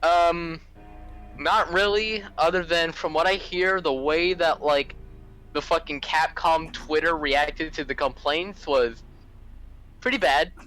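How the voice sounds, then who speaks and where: A man's voice: on the high side, slow, sharp tone, soft background music, rough recording. A man on a casual podcast chat, laid-back and joking, with a few swear words.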